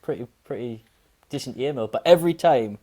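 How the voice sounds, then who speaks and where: A man's voice: mid-range voice, animated, brisk, warm tone. A man with a Geordie accent, a podcast guest telling a story in a laid-back way and laughing as he goes. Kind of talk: casual podcast chat.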